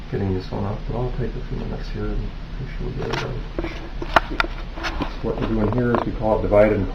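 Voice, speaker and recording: A man explaining a stitching procedure while he works, calm and matter-of-fact. His low, gravelly voice comes through muffled, roomy camcorder audio with a steady hiss. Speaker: medic stitching a wound.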